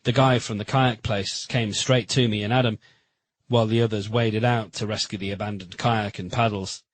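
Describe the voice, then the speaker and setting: Brief: male audiobook narrator, husky mid-range voice, even measured delivery, dry booth sound. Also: on the low side, dry recording, rough recording. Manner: steady, measured reading. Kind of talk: first-person romance audiobook narration.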